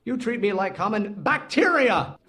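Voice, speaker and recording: A defiant teenage boy scientist in a video game, firing off sarcastic, pun-filled retorts at his father. The voice sits high for a man and swings widely in pitch. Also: very animated, normal speed, crowd noise. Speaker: game character.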